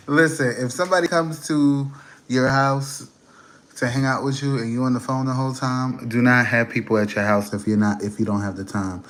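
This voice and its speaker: A man's voice: medium pitch, fairly even intonation, normal speed, fairly bright tone. A man hosting a casual livestream from his kitchen at home, rambling easily while he reads the chat and browses on his computer. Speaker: livestream host. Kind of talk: casual live-stream chat.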